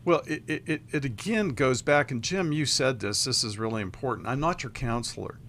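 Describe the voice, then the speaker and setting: A man co-hosting a call-in advice show, counseling a caller in a measured way. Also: mid-range voice, a bit bright, slight background noise. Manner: measured, advising. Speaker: co-host counselor. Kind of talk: radio advice talk.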